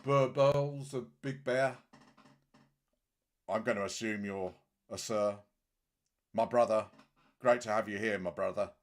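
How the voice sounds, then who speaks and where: A man's voice: on the low side, unhurried, pauses often. A man hosting a casual livestream, talking bluntly and scornfully in a rambling way with many restarts. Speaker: livestream host.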